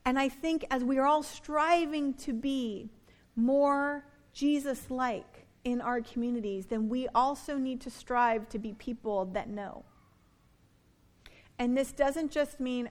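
A middle-aged woman pastor preaches a sermon earnestly, slowing down for emphasis and dropping soft and low on key words.

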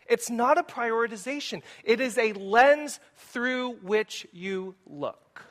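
A man preaching a sermon as pastor to his congregation in a church, speaking with lively, rising emphasis and putting questions to the listeners. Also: very high voice, takes it slowly, few pauses. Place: church sanctuary.

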